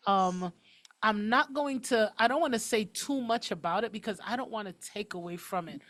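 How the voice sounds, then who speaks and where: Chatty woman talk show host, rattles along fast, blunt and emphatic. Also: medium pitch. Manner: fast-talking, emphatic and outspoken. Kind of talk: casual talk show chat.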